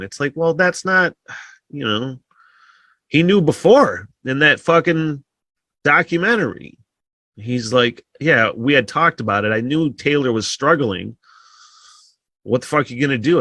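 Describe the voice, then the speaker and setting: A man's voice: mid-range voice, pushed and bright, no echo. A man hosting a podcast, talking casually and rambling, with frequent sighs and heavy swearing. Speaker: podcast host. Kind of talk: casual solo podcast monologue.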